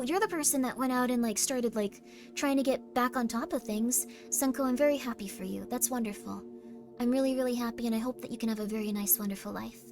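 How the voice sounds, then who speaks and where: A woman streamer chatting casually with her audience in a rambling, playful, self-deprecating way. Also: a little high. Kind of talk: casual livestream chat, reading chat messages. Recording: stream mix with music playing under the voice. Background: background music.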